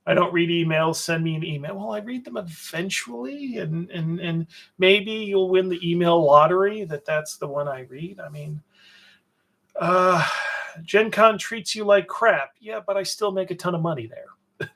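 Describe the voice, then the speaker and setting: A man's voice: high voice, normal speed, a bit bright. A man hosting a publisher's livestream, rambling through viewer chat in a sardonic, swearing way, trailing off with fillers.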